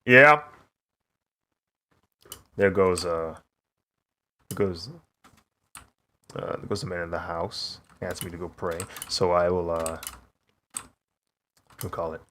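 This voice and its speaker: A man's voice: low voice, takes it slowly, long pauses, sharp tone, slight background noise. Laid-back young man chatting on stream. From United States. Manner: laid-back, laughs often, says "bro". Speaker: streaming artist. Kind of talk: casual chat while drawing on stream.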